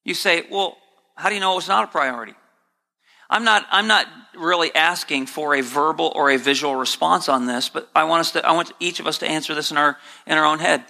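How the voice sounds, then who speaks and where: Male pastor, high sharp voice, sermon with sarcastic mock quotes. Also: a little fast, gravelly, few pauses. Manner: preaching, swings between low earnest and high sarcastic mock quotes. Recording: long hall reverb.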